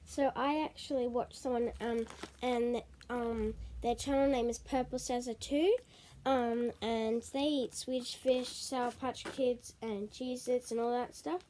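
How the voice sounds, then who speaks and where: A woman chatting excitedly in a casual snack taste-test vlog, full of ums and likes. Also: fairly high pitch, unhurried, a little hiss or hum. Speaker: vlogger.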